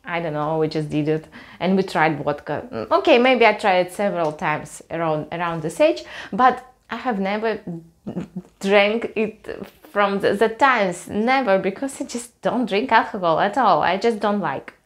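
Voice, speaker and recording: A young woman from Russia speaking English with a Russian accent, chatting casually to camera and pausing often to find her words. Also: mid-range voice, lively intonation. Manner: halting, searching for words, laughs at herself. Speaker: vlogger.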